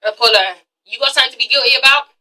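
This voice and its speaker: Woman vlogger dishing on reality tv, high piercing voice, a little off mic. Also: racing, pushed and bright, distant mic, low-quality recording. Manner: frank, swears a lot, gossipy. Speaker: TV show reviewer. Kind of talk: casual chatty review rant.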